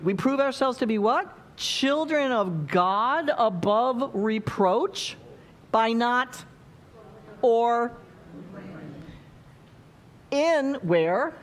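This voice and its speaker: A woman preaching a sermon in a church, playful and chatty, acting out little quotes as she goes. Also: on the high side.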